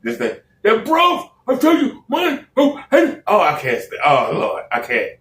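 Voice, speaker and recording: A man hosts a casual reaction show, talking slowly and with a lot of exasperation. His pitch leaps up and down as he repeats himself. He sounds a little distant, with an echoey room around him. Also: wildly swooping pitch, a bit bright. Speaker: reaction host.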